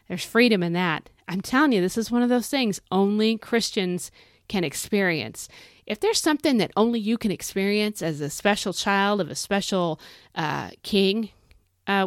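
A woman's voice: medium pitch, dry recording, studio quality. A middle-aged woman hosting a devotional podcast, preaching in a fervent, folksy, exhorting way. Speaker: podcast host.

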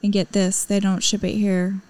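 Woman, 30s, podcast co-host: mid-pitched voice, chatty and rambling, laughs easily. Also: monotone, moderate pace, a little mellow. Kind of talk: casual chat.

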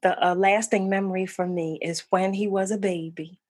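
A woman catching up with an old friend, effusive and quick to laugh, with a slightly husky voice. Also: mid-range voice, steady tone, no echo. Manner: effusive and warm, laughing often. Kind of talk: casual chat between old friends.

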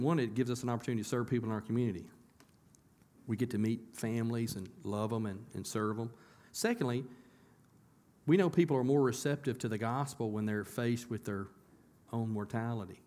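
A man's voice: medium pitch, brisk, darkish tone. A man preaching a sermon as a pastor in a church, in a conversational way that often asks the congregation questions and repeats words as he restarts.

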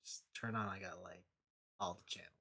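A man's voice: low-pitched, steady tone, a little fast, creaky, pushed and bright, slightly rough. A young man hosting a casual podcast, teasing his co-host in a dry way. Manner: teasing, dry, laughs often. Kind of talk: casual chat.

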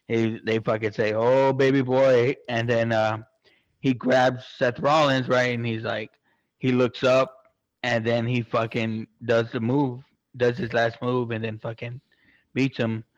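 A man chatting casually, excitable and swearing constantly, rambling with lots of fillers. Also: mid-range voice, unhurried, dry recording, highs cut off. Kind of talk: casual chat.

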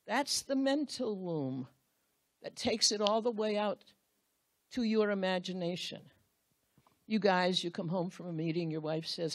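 A woman preaching a sermon, with drawn-out, emphatic phrases and wide swings in pitch and loudness.

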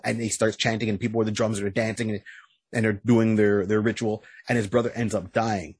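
A man with a lowish, husky voice chats through a comic plot on his podcast. He stumbles over his words and repeats himself, leaning on "you know" as he tells the story. The sound is dry and close, with no room around it. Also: no echo. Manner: stammering restarts, frequent "you know"; lively storytelling retelling. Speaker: podcast host. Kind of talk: casual podcast chat, recapping a comic.

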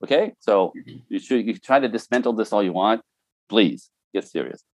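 A man's voice: fairly low pitch, animated, normal speed, no echo. A middle-aged man talking casually and telling stories, laughing often and mimicking other voices. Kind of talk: casual podcast chat.

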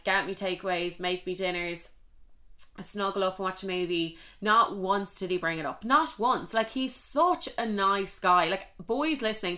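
A woman's voice: fairly low pitch, pushed and bright. A young woman with an Irish accent hosting a podcast, telling personal stories in a candid, chatty way and swearing freely. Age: young adult. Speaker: podcast host. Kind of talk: casual confessional storytelling.

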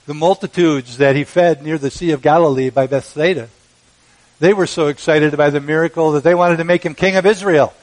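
A man preaching a sermon, measured and emphatic, with dramatic pauses. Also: a little high, fairly even intonation, poor audio. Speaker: pastor.

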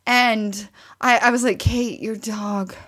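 Chatty high-voiced woman. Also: fairly even intonation, slow pace, a bit bright. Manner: chatty, laughs often, quotes people in raised voices. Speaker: podcast co-host. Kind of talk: casual chat.

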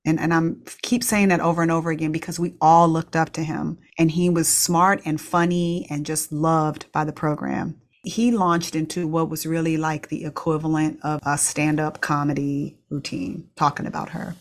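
Low-pitched woman, middle-aged, candid reflective storytelling, animated. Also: moderate pace, hardly any pauses. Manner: candid, animated, with laughs and restarts. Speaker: pediatrician telling a personal story.

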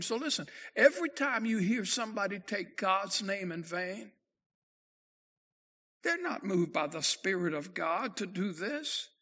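A man preaching a sermon as pastor, emphatic and slowing down to lift his voice for quoted scripture. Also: high voice, animated, a bit bright.

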